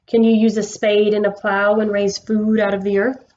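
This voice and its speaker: A woman voicing a wise, solemn male lion king who speaks slowly and gravely. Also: mid-range voice, little pitch movement, darkish tone, muffled recording, close to an everyday voice. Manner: slow, grave and measured.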